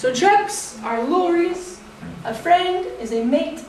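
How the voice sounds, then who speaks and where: An American woman teaching English, giving a slow, deliberate classroom presentation and laughing lightly between points. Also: extremely high pitch, animated, heavy reverb, recorded from a distance, slight background noise, low-quality recording. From United States.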